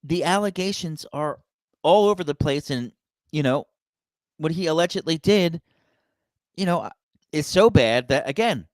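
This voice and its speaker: A man's voice: a little high, lively intonation, measured pace, long pauses, no room sound. A man hosting his own wrestling podcast, talking casually and animatedly, laughing often and leaning on "you know" and "right?". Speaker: podcast host, channel owner.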